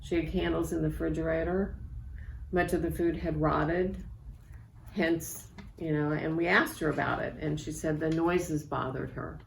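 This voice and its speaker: A woman in her sixties, an author reading aloud from her memoir in a measured, reflective way. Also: low-pitched, fairly even intonation, vocal fry. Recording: echoey room with faint background noise.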